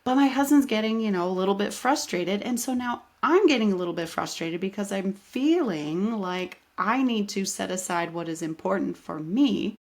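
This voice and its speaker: A woman in her thirties hosts her own coaching podcast, talking solo in a loose, lively way. Her voice sits at an ordinary middle pitch and keeps asking the listener "right?" as she goes. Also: normal speed, few pauses. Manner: animated, conversational, peppered with "right?". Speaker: life coach and podcast host. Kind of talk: casual solo podcast talk.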